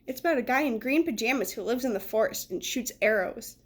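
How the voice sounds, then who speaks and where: An eager young know-it-all blurts out his news, a storybook classmate that a woman reader puts on. She pushes the voice well up in pitch and louder than her reading. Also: lively intonation, fairly quick, husky.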